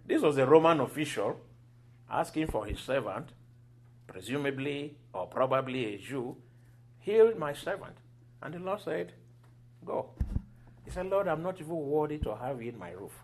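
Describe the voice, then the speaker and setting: A man preaching a sermon, telling scripture stories with lively acted-out quotes and occasional laughter. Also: a little high, moderate pace, long pauses. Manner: animated storytelling, acting out quoted voices and laughing.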